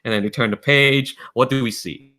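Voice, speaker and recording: A man narrating as game master of a tabletop role-playing game, lively and laughing often. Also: mid-range voice, normal speed.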